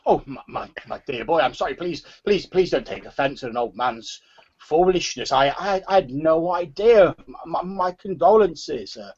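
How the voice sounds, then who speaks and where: A man voicing a frail, rambling old nobleman who stammers and repeats his words in a high, quavering voice. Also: animated, moderate pace, breathy edge, muffled recording. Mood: apologetic.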